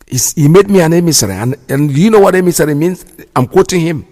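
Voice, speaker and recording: This man hosts a radio show, talking fast in a fairly high, dark-toned voice with lively intonation. He gives indignant, preachy commentary and repeats points for emphasis, all under a long hall reverb.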